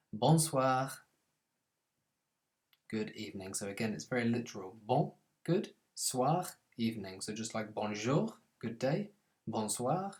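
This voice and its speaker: A man gives a scripted French lesson in a mid-range voice. He says each French phrase slowly and with stress, then explains it in a calm, plain way. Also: mid-range voice. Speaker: French language teacher.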